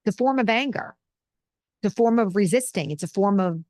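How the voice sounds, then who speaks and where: A woman's voice: medium pitch, expressive, moderate pace, a little mellow. A middle-aged woman hosting a casual spiritual talk, teaching in an earnest, conversational way and drawing on personal examples.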